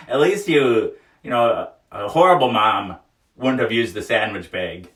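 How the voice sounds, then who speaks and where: A man's voice: on the low side, animated, a little slow, a bit bright, far from the mic. A man hosting a casual livestream, reading viewer comments aloud, often laughing and joking frankly. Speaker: livestream host. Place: small wooden sauna. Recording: echoey room, voice away from mic.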